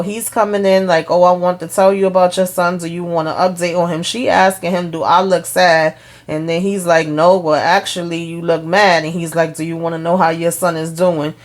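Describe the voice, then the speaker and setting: A woman talks through a TV episode in a casual vlog. Her voice sits on the low side for a woman. She retells the scenes with quoted lines and is blunt and profane. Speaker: TV show recap host.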